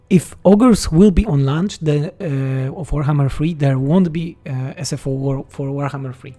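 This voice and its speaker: A man's voice: fairly high pitch, normal speed, few pauses, dark tone, soft background music. A man from Poland with a Polish accent, a game mod developer reading chat questions aloud and answering them bluntly and jokingly on a livestream.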